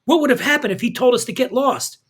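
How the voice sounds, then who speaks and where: A man voicing a reproachful wife who chides her husband, speaking quickly and earnestly. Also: very high voice, fairly bright tone, slightly rough, pitched above the performer's own voice, heavily acted. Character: scolding churchgoing wife, middle-aged woman.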